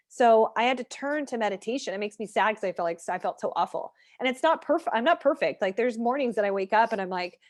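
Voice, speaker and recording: A woman's voice: on the high side, expressive, fast talker, few pauses. A woman fitness and nutrition coach speaking candidly over a video call, chatty with many fillers, leading an online workshop. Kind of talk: casual online workshop talk.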